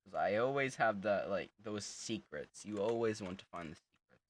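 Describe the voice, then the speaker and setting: A man's voice: fairly low pitch, lively intonation, moderate pace, a little hiss or hum. A young man casually joking through a horror game, teasing the monster with lots of laughter. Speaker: gamer playing a horror game. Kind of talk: casual let's-play commentary.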